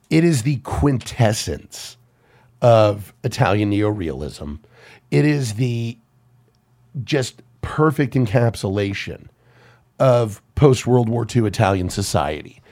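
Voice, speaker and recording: A man hosting a casual film chat, an animated storyteller who swears and laughs often. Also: fairly low pitch. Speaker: podcast host.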